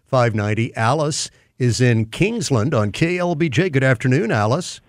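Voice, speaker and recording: Brisk male radio talk host. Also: mid-range voice, expressive, no room sound, clean studio sound. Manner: brisk, businesslike.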